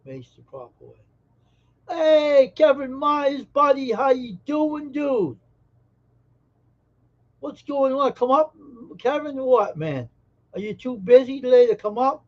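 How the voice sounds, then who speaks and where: A man's voice: extremely high pitch, lively intonation, slow pace, pauses often, muffled recording. A man hosting a casual live stream, joking brashly and teasing viewers in chat. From Massachusetts.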